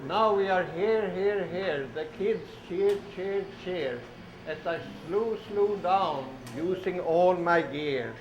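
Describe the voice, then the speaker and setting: A man with a high voice reads train picture books to small children slowly and in a sing-song manner, repeating each word and coaxing them to join in on the sounds. He is a storybook reader for children. The recording is echoey and dull lo-fi, with a steady hiss underneath.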